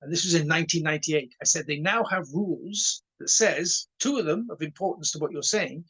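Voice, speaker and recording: A husky Welsh man in his sixties, a karate instructor appearing as a guest, tells stories in a casual interview. His voice is on the high side and a little fast, and the recording is rough. He's animated, stuttering on repeated words and acting out dialogue.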